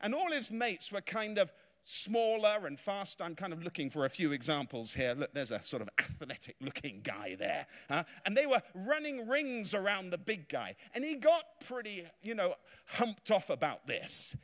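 A man's voice: sits high, normal speed. An English man preaching a revival sermon, telling jokey stories and calling out hallelujah and amen. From England. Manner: animated, jokey storytelling with calls of hallelujah and amen. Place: large church hall. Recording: long hall reverb.

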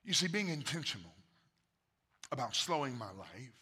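A pastor, preaching a sermon, swinging from soft murmurs to loud emphatic bursts. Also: male voice, medium pitch, big pitch swings, normal speed, slightly rough. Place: church sanctuary.

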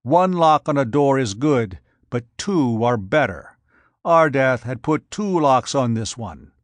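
A man's voice: medium pitch, expressive, slow pace, no echo. A man reading aloud, voicing a brutish, scheming giant who growls blunt, contemptuous lines. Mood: brooding.

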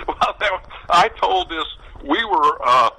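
A man in his fifties, a former ballplayer, telling a long anecdote in a relaxed interview, with many fillers and restarts. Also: high voice, takes it slowly, husky, poor audio. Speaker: former baseball player, radio pregame host. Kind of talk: casual storytelling interview.

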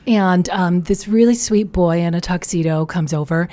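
A woman from Chicago, a podcast guest, telling lively anecdotes in casual chat and acting out what people said. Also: on the low side, normal speed.

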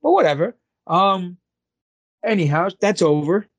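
A man's voice: high-pitched, animated, a little slow, no echo. A man co-hosting a casual fan podcast, joking and teasing his partner. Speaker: podcast co-host.

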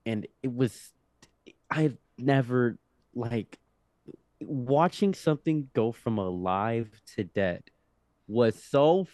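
A young man in his twenties, a podcast guest telling a story in a loose, animated way, with laughs, restarts and swearing. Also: mid-range voice, slow, long pauses, dry recording. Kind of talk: casual storytelling.

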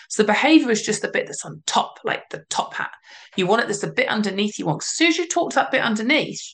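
A woman, a parenting coach giving advice in a podcast interview, explaining calmly with emphatic repeats. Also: mid-range voice.

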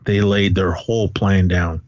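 A middle-aged man from California, chatting on a podcast, telling stories in a profane, animated rant. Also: low-pitched, unhurried, no room sound. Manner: profane, ranting, animated storytelling. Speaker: podcast co-host. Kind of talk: casual podcast chat. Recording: dull, dry podcast recording.

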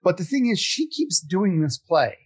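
A man's voice: high voice, big pitch swings, normal speed, slightly rough. A middle-aged man telling a long story in casual chat, rambling and self-deprecating, with many fillers. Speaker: podcast guest telling stories.

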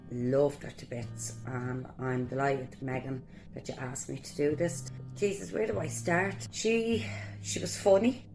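An Irish woman sharing lively, colloquial stories in a personal tribute to her late cousin. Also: low-pitched. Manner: lively anecdotal storytelling, colloquial. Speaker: guest sharing memories of a cousin.

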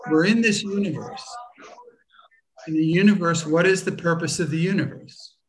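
Slow, searching man teaching a workshop. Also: a little high. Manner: deliberate, searching, with frequent restarts. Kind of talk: unscripted workshop talk.

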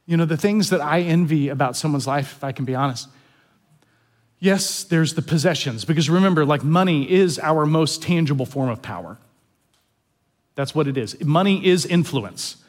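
A man's voice: fairly high pitch, moderate pace. A man pastor giving a sermon in an earnest, confessional way, often repeating words as he stresses a point.

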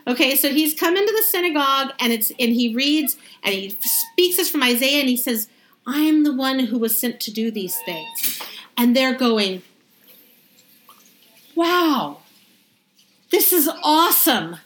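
Woman teaching bible study, kinda high voice, reads the verses then talks them through, chatty and animated. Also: moderate pace. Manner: lively, conversational, acts out the crowd's reactions; reads scripture aloud, then explains it in plain words. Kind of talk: Bible study reading and explanation.

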